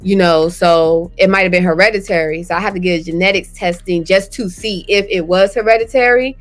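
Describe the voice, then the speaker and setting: A cancer survivor speaks candidly as an interview guest, earnestly recounting her experience and dropping into thoughts she had at the time. She talks briskly in a steady, lowish voice, with faint music behind.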